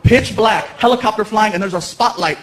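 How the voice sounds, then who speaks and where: Lively stand-up comic man, slangy. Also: sits high, fairly quick, noisy background. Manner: animated storyteller, slangy. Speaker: stand-up comedian. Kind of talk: stand-up comedy. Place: large theater on stage. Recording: echoey theater with loud crowd.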